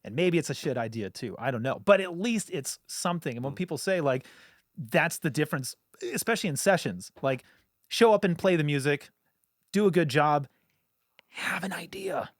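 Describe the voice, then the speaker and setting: A man co-hosting a studio talk show, speaking in a loose, rambling way full of fillers and the odd curse. His voice sits a little high for a man. It is recorded dry and close, with no room sound. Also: expressive, dry recording. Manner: loose, swearing, lots of filler words and quick asides. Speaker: podcast co-host. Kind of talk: casual chat.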